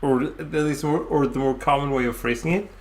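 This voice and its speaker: A man with a Swedish accent chats casually, teaching a friend his language. He speaks in a relaxed, patient way, often pausing on fillers as he searches for phrasing. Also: fairly high pitch, background noise.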